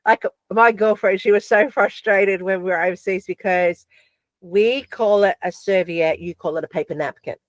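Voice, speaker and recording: A woman with an Australian accent, a podcast guest telling stories in a chatty, animated way with lots of fillers. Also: medium pitch, moderate pace, no room sound. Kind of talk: casual chat.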